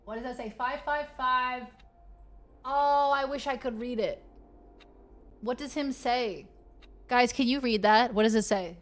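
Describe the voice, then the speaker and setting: A woman streaming a game and chatting casually with her viewers, playful and quick to slip into silly voices. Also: fairly high pitch. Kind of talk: casual live-stream chat.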